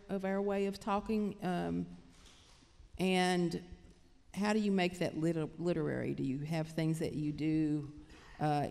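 A woman with a Kentucky accent, moderating a writers' panel and talking in a relaxed, conversational way with quick asides. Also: on the low side, creaky. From Casey County, Kentucky. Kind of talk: panel discussion. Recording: reverberant lecture hall.

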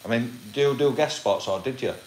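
A man's voice: mid-range voice, a little fast, darkish tone, slight background noise. A man, a tattoo artist hosting his video, chatting casually and greeting viewers. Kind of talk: casual chat.

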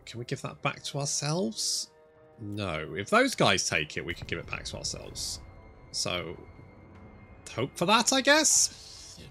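A man giving casual, excitable, sweary commentary over his strategy game. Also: medium pitch, measured pace, faint music behind. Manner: excitable, sweary, talks to units. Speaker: gaming channel host.

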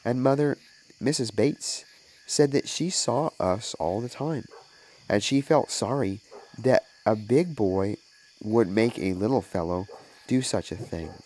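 Storybook little boy caught stealing, read by a man, slow and low, sobbing pleas. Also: a little mellow, poor audio. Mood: relieved. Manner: sobbing, pleading.

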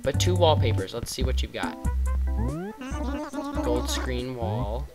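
Slow and animated, a gaming vlogger with a medium-pitched voice chats his way through a cozy life game in a rambling let's-play, poking fun at the characters with playful sarcasm. The rough recording is filled with loud game music.

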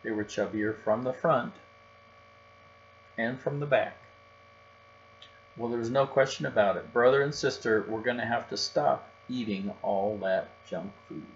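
A man narrates a children's picture book in a steady, gentle manner, at a medium pitch. The recording is somewhat muffled, with a faint mains hum behind. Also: normal speed. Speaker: storybook reader. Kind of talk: storybook read-aloud narration.

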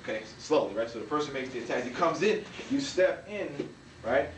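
A man teaching a martial arts technique, walking through each move and punctuating the strikes with sharp sound words. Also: lively intonation, a little fast, a little hiss or hum. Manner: talks while demonstrating moves, punctuated with "bam" and "boom". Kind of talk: demonstration walkthrough. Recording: echoey room, from a distance.

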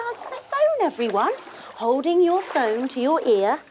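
A woman's voice: high-pitched, huge pitch swings, moderate pace, loud music behind the voice. A young woman leading a children's yoga story, playful and singsong, full of sound effects and movement cues. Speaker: kids yoga instructor. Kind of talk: guided kids yoga story.

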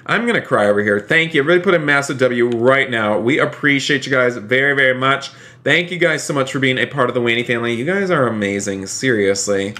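A man streaming a game live, talking in a middle-pitched voice. He chats upbeat and effusive, thanks viewers by name, and breaks into sudden excited high exclamations. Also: fast.

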